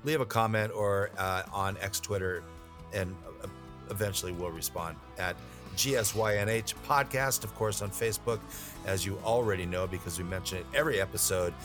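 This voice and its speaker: A man's voice: lowish voice, normal speed. A middle-aged man hosting a music podcast, chatting in a wry, joking way. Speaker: podcast host. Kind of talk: casual chat.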